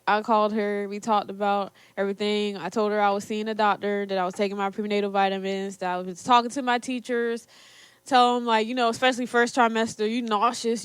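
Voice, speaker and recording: A woman's voice: medium pitch, clean tone, dry recording. A young woman in her twenties, co-hosting a podcast and telling a personal story in casual chat, laughing often. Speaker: podcast co-host.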